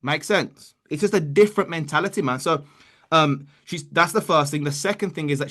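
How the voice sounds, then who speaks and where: A man's voice: a little high, a little fast, a bit bright. A man leading a motivational call about network marketing, talking casually with lots of restarts and "bro" and "man.". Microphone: online call.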